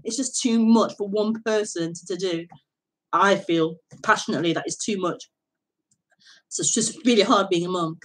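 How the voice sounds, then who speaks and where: A woman hosting a live spiritual talk, speaking in a relaxed, hesitant way, repeating words and laughing softly between thoughts. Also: mid-range voice, low-quality recording. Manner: slow, hesitant, halting speech that repeats words. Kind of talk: casual, reflective live talk.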